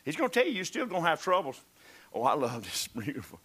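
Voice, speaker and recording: Preacher guy, high and really animated, exclaims then goes to whispers. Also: fast, husky. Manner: fervent, exclaiming, dropping to whispers. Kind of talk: sermon.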